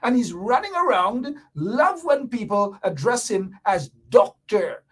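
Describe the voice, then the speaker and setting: A man delivers political radio commentary in a husky, slightly breathy voice. He talks slowly and pushes his words, with a pitch that leaps up and drops down as he mocks and repeats himself. He sounds middle-aged and sure of his point. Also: sing-song. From Guyana. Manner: emphatic, repetitive and sarcastic. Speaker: political talk show host.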